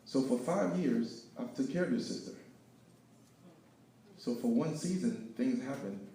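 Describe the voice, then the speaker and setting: A man telling his story of failure and faith as a speaker at an event, preaching with lively swings between loud and hushed. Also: medium pitch, unhurried, a little hiss or hum. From Haiti. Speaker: guest speaker. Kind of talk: inspirational testimony talk. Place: event hall with live audience. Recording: echoey hall, picked up from far off.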